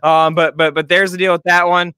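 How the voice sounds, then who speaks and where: A man hosts casual live market talk, chatty and joking, stumbling over his words with lots of fillers. His voice is high, bright and forceful, heard dry and close. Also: little pitch movement, fairly quick, smooth, no room sound. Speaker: show host, stock commentator.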